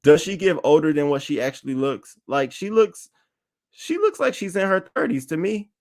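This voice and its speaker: A man talks through celebrity gossip in casual, slangy commentary, speaking straight to his online chat. His delivery is animated, with frequent asides and restarts, as he reads tweets aloud. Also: on the high side, moderate pace. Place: home setup, talking to chat.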